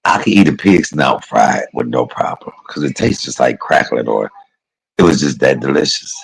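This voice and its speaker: A man's voice: extremely low pitch, expressive, normal speed, vocal fry, slightly rough, poor audio. A man chatting casually and rambling on a livestream, calling his viewers y'all and baby. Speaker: live streamer.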